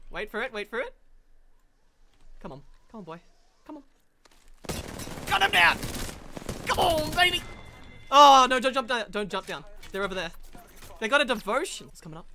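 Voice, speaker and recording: A woman giving jumpy, excitable in-character commentary over gameplay, often breaking into shouts. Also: medium pitch, background noise. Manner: jumpy, bursts into shouts and laughter. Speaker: gamer. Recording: loud gunfire from the game behind.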